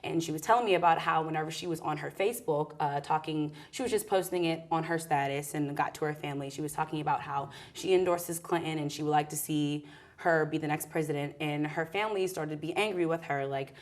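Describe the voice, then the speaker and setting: Young woman host, low voice, casual student panel, long open questions. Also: fast talker. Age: young adult.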